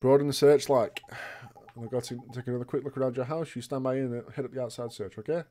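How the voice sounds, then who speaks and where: A man's voice: mid-range voice, steady tone, quick pace, dark tone. A man hosting a let's play, commenting on a video game with frequent laughs, swearing and joking asides. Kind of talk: gameplay commentary.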